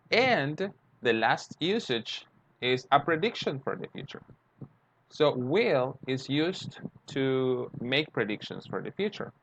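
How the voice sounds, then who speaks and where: A man's voice: medium pitch, fairly bright tone. A man teaching English grammar, explaining step by step and acting out short example dialogues. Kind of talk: grammar lesson. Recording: dull lo-fi sound, faint noise.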